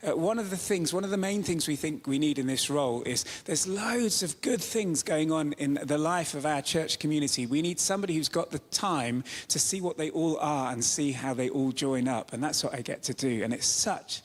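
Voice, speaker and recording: Male pastor, high voice, conversational and humorous sermon, recorded in a church with a long reverb tail. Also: normal speed, few pauses. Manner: chatty, joking, animated storytelling. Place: church sanctuary.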